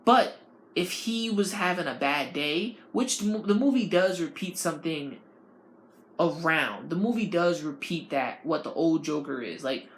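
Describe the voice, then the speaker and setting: A woman's voice: on the low side, normal speed, slight background noise. A woman hosting a podcast, ranting in a casual, profane and rambling way. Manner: animated, profane, rambling delivery. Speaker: podcast host. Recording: roomy, with faint ambience.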